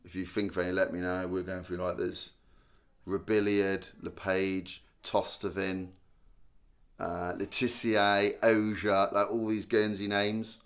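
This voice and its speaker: A man's voice: deep voice, level tone, measured pace. A young man hosting a casual live stream, chatting and joking as he reads out viewer comments. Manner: chatty, self-mocking, reads viewer names aloud.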